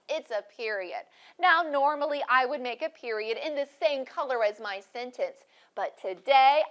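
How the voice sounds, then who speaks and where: A woman teaching a first grade class, speaking clearly and encouragingly to students watching on video. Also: sits high, fairly bright tone. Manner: clear, encouraging, deliberately paced teacher talk.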